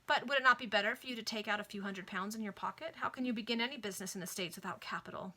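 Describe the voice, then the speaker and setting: A scheming gentleman villain who makes his threats in a calm, measured tone, as read aloud by a woman. The voice stays bright and clear. He never hurries or raises his voice to menace. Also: medium pitch. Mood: cold.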